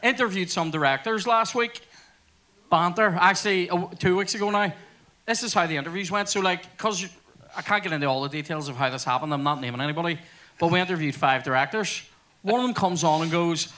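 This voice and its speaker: A man's voice: high-pitched, fairly quick, sharp tone. A man telling crude stories at a live podcast on stage. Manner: crude storytelling with sweary asides. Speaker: podcast host. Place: theatre stage before audience.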